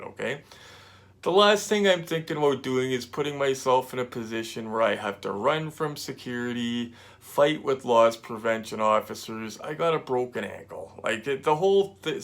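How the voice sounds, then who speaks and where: A man, a collectibles vlogger, casually telling a story to camera with indignant, animated retelling and quoted dialogue. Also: medium pitch, vocal fry.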